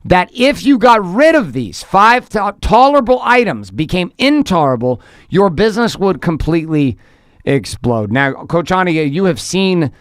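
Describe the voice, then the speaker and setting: A man's voice: high-pitched, big pitch swings, normal speed, clean tone, no room sound, clean studio sound. Emphatic motivational podcast host, a man. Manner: emphatic, repetitive motivational phrasing.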